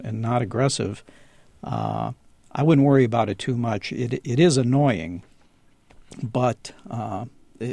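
Gravelly-voiced man giving call-in dog advice. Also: mid-range voice, a little mellow, dry recording. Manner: easygoing, acts out dog owners in voices. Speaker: dog trainer guest.

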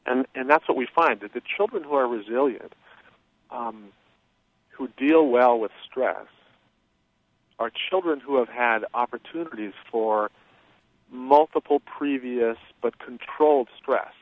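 Male expert guest, measured and explanatory, heard over a dry, phone-like line. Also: mid-range voice, dry recording. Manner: measured, explanatory, many fillers. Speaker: guest expert on childhood trauma. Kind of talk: interview explanation. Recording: tinny phone-line sound.

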